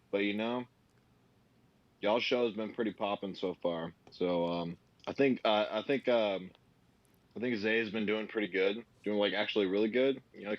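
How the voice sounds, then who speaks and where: A man calling in as a guest for casual chat, laid-back and slangy, with plenty of halting fillers and his mouth full of food. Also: lowish voice, dry recording, dull audio. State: talking while eating. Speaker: call-in guest.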